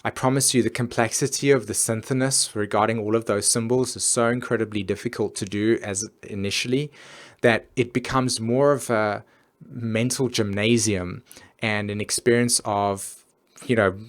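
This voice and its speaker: A man hosting an astrology live stream, talking earnestly and casually with many fillers and restarts. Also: fairly low pitch.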